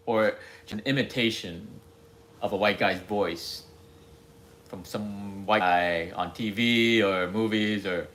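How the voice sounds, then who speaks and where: A man's voice: low voice, fairly bright tone, a little hiss or hum. A man rambling candidly to himself in a casual, self-deprecating monologue.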